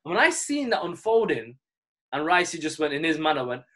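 Relaxed, reflective man telling stories. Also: a little high, fairly quick. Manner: relaxed, reflective, acts out quoted dialogue. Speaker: former cricketer and coach. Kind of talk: casual interview storytelling.

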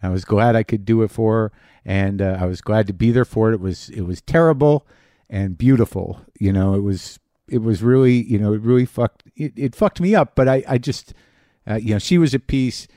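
Middle-aged male host, rambling personal monologue with restarts, warm low timbre. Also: dry recording, studio quality. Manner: halting, many restarts and fillers. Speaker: podcast host.

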